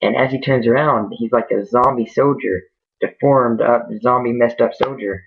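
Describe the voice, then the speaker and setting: A man tells a spooky war story off the cuff, rambling and restarting often. His voice is fairly flat and mid-pitched. The audio is tinny, like a phone line. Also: moderate pace, creaky, slightly rough. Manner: rambling, many fillers and restarts. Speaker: amateur storyteller. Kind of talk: casual improvised storytelling.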